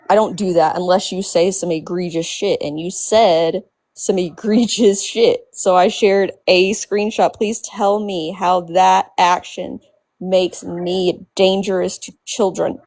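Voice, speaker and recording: A woman's voice: fairly low pitch, darkish tone, no room sound, rough recording. A woman in a live-stream chat, defensive and insistent and swearing as she argues her case.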